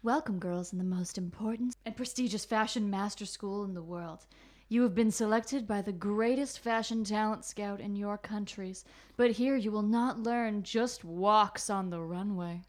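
A woman's voice: medium pitch, moderate pace, a little mellow, close to an everyday voice. A woman reading the part of a 43-year-old woman who runs a fashion school, in a stilted manner and often breaking into giggles. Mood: amused, grand. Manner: stilted read with frequent giggles.

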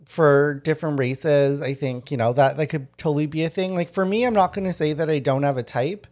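A woman in casual chat, halting, with frequent restarts. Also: deep voice, darkish tone.

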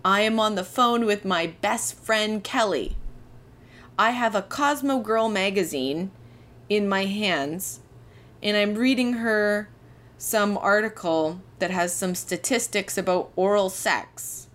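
A woman's voice: mid-range voice, takes it slowly, fairly bright tone. A young woman, hosting a podcast and telling a candid, self-deprecating personal story. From Canada. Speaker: podcast host.

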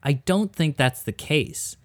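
A man's voice: a little high, slow pace, fairly bright tone, no echo. A man co-hosting a comedy podcast, chiming in with dry quips. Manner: dry quips, laughs easily. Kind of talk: casual comedic chat.

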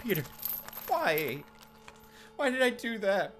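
A man's voice: high voice, very animated, measured pace, pauses often, a bit bright, faint music behind. A man performing a comedy sketch as a melodramatic, panicky character who often shrieks.

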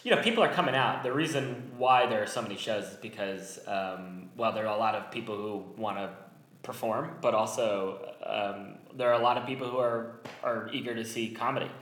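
A man's voice: lowish voice, a little fast, fairly bright tone. Man, comedy show organizer, casual chat, hesitant, echoey room. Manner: thoughtful, hesitant, laughs often.

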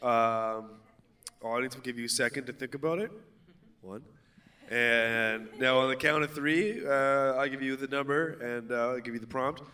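Bright-voiced male comedy host. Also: medium pitch, smooth. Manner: laughs along, quick reactions. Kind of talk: hosting a live comedy show.

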